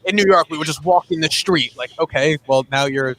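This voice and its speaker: A young man on a sports fan panel, telling rambling, animated stories. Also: a little high, fairly quick. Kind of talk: casual panel banter.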